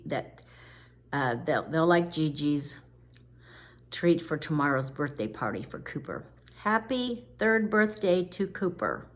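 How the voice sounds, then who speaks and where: An older woman chatting in a homey, casual way as she walks viewers through a cooking demo. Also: fairly low pitch. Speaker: cooking vlogger.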